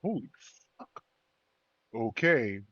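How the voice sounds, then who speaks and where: A man's voice: mid-range voice, very animated, slow pace, lo-fi sound. A man playing a tabletop game, methodically working through his abilities with fillers. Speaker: player. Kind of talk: casual tabletop game play.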